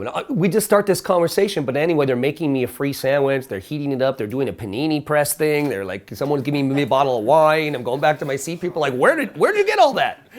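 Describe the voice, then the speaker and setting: A middle-aged man coaching a small group in casual talk, telling lively stories and acting out quoted lines in higher voices. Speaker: dating coach.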